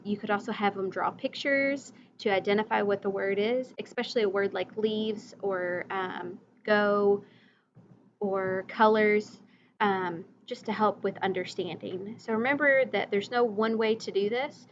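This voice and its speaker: A woman teacher leads a recorded reading lesson, slowly modeling vocabulary words and letter sounds for young children and their parents. Her voice is mid-range, the highs are cut off, and there's a little hiss or hum.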